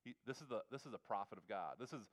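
A male preacher retelling a story in a sermon, in a casual, animated way with asides and quick restarts. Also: on the low side. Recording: long reverb of a large hall.

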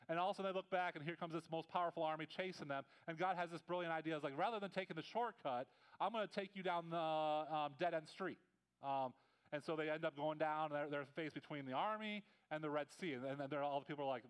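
A man's voice: fairly high pitch, fast, clear, resonant tone, low-quality recording. A man preaching a sermon, retelling a story in a conversational way and voicing the characters' lines. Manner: conversational storytelling with voiced asides and restarts. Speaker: pastor.

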